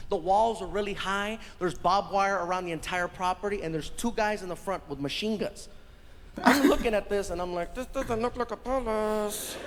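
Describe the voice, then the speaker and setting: A man doing stand-up comedy on a live stage, telling a story with animated voices. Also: sits high, moderate pace, slight background noise. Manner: animated, acts out characters. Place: large theater stage. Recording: live show in a big hall with reverb.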